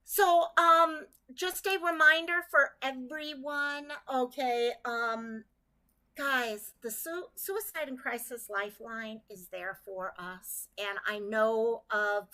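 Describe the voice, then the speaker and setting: A woman speaks with a crisp, bright tone, set a little high. She hosts a casual livestream for her community and keeps up an easy, chatty flow, pausing to greet viewers by name. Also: fairly even intonation. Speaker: livestream host.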